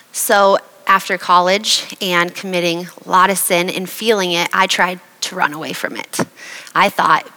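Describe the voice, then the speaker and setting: A young woman from Iowa giving an earnest, emotional personal faith testimony at a slow, heartfelt pace. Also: on the low side, pushed and bright, long reverb tail, low-quality recording. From Iowa, USA.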